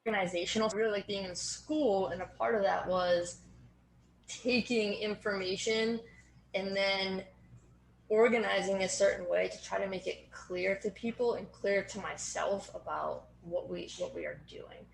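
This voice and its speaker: A woman's voice: medium pitch, steady tone, normal speed, vocal fry. A woman in her thirties with a Boston accent, a strength coach talking earnestly as an interview guest, with plenty of fillers. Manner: earnest, organized, frequent fillers. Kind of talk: casual interview conversation. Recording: roomy echo with faint background noise.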